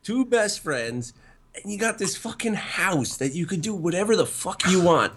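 A young man who is a guest on a podcast, talking excitably, swearing and laughing. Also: high-pitched, normal speed, background noise. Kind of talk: casual podcast banter.

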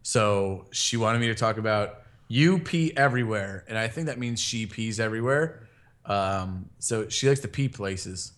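A man's voice: on the low side, measured pace, a bit bright. A man co-hosting a casual podcast, telling rambling stories and acting out what other people said. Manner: rambling storyteller, acts out quotes. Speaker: podcast co-host.

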